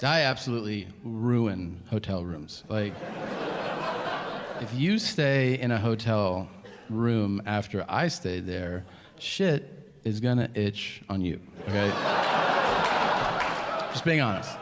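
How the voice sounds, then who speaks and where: Performing for a loud crowd in a reverberant theater, a middle-aged comedian speaks in a lowish, animated voice at a slow pace with frequent pauses. His stand-up story has him acting out both parties in the conversation, with audience noise audible.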